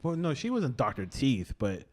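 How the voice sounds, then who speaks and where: Animated man in his thirties joking. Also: medium pitch, moderate pace. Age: 30s. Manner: jokey, bursts into loud laughter, animated. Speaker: podcast co-host. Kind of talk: casual comedy podcast chat.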